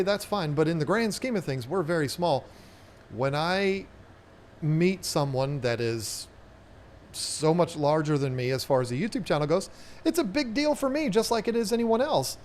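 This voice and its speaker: Southern guy rambling on a live stream, kinda high voice, little hiss behind. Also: darkish tone. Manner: chatty, rambling, repeats words. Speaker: aquarium channel host. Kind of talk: casual live-stream chat.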